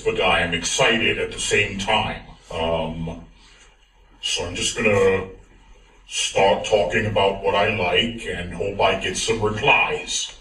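A man playing a nervous masked supermarket manager making a dating video, halting and full of ums. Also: sits low, pushed and bright, slight background noise, full character voice. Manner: halting, full of ums, gushing about beets. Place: large convention hall, played from a video. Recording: video played in echoey hall, far off.

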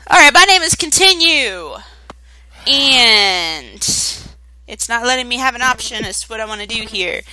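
Excitable woman yelling over game music. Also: fairly high pitch, rough recording. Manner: excitable, swears and yells at the game. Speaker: gaming channel host. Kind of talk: let's play commentary. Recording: game music loud behind.

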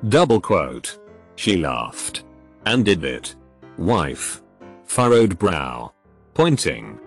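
A man reading stories aloud as a narrator, speaking in a lively voice with flat asides. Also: low voice, extremely slow, creaky, slightly rough, faint music behind.

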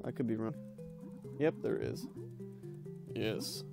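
A man's voice: lowish voice, slow, creaky, darkish tone, faint music behind. A young man casually commenting while playing a video game, rambling and laughing through stories with lots of fillers. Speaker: let's play host.

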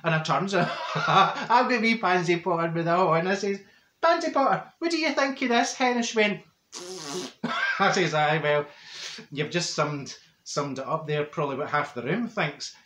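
A man's voice: sits high, expressive, moderate pace, pushed and bright. A man voicing a chatty, straight-talking middle-aged Glasgow woman with a broad Glaswegian accent, telling a comic story bluntly and laughing often. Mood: gossipy. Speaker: comedy character monologue. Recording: roomy echo.

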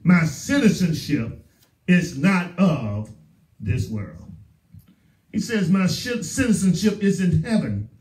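A man's voice: on the high side, very animated, slow, a little mellow. A male pastor with a Southern US accent, preaching a sermon with emphatic repetition. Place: church sanctuary. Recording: roomy echo, voice from far off.

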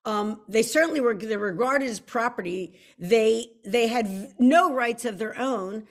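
Woman, middle-aged, chatty livestream host, self-deprecating, fairly high voice. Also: moderate pace. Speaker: author hosting a livestream. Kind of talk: casual livestream chat.

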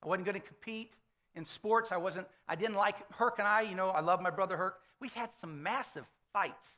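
A pastor in his fifties delivers a sermon in a church sanctuary at a moderate pace, telling stories in a loose, conversational way and often checking in with "okay?" His voice sits high for a man, bright and forceful.

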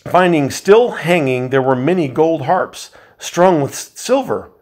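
A man, a volunteer reader, reading a novel aloud in a measured way, with occasional slips he corrects. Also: fairly high pitch, animated, a little mellow.

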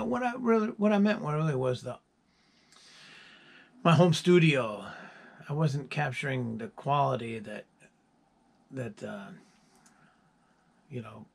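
A man's voice: mid-range voice, gravelly. A musician chatting casually to his viewers, rambling through stories with chuckles. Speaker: musician presenting his album.

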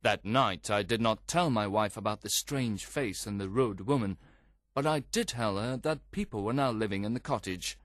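A man giving an expressive, scripted first-person narration of a story. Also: on the low side, moderate pace, dry recording, studio quality. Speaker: audiobook reader.

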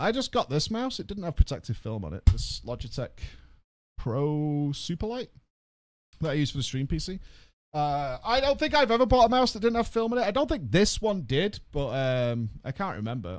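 A man streaming and reacting to a video, telling a story in a casual, animated way, with frequent restarts and swearing. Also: sits high, no room sound. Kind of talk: casual live-stream chat.

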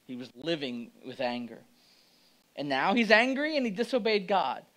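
A male pastor giving a conversational, animated sermon, acting out quotes as he goes. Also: a little high, moderate pace, rough recording.

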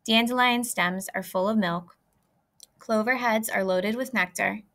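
A woman reading a children's book aloud in a clear, lively way. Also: medium pitch, measured pace. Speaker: reader. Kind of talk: storybook read-aloud.

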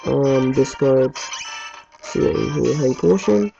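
A man with a medium-pitched, creaky voice talks slowly while giving rambling, chatty gameplay commentary as a let's play host from his home basement, swearing mildly. The recording is muffled and lo-fi, with game music underneath.

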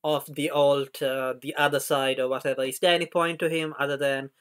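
A man's voice: mid-range voice, flat delivery, a little fast, a bit bright, clean tone. A man in a casual anime discussion, hesitant, stammering through his questions.

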